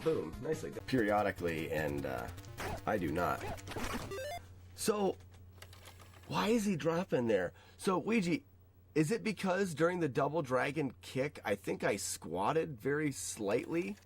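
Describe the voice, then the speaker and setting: A man's voice: mid-range voice, very animated, unhurried, husky, soft background music. A man streaming a retro game, chatting casually and talking viewers through his route. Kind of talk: live gameplay commentary.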